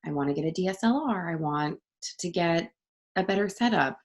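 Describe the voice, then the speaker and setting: A young woman talks in a relaxed, chatty way, full of fillers and quick asides. Her voice sits low for a woman. She is recorded on a home studio mic. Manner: chatty, upbeat, many fillers. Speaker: voice actor guest. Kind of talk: casual interview chat.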